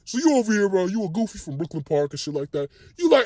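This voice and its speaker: A man's voice: fast talker, no echo. A young man from Minnesota giving a loose, profane comedy monologue as a YouTuber. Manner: loose, slangy and profane, animated swings in pitch.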